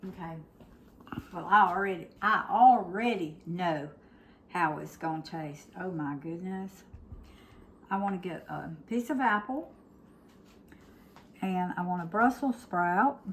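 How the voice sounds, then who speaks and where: A woman's voice: lowish voice, measured pace, pauses often, slight background noise. An older woman, hosting a casual home cooking demo in her kitchen and chatting straight to her viewers. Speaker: cooking show host.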